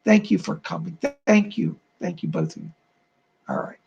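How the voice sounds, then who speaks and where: Gravelly-voiced man giving psychic readings. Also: sits high, wildly swooping pitch, normal speed, darkish tone, muffled recording. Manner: soothing, calls viewers darling and hon. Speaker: psychic medium host. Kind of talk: live-stream psychic readings.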